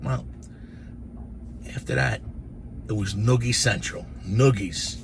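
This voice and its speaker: Gravelly older man telling school stories. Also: lowish voice, slow, background noise. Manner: animated, profane, rambling. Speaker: storyteller. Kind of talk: casual storytelling to camera.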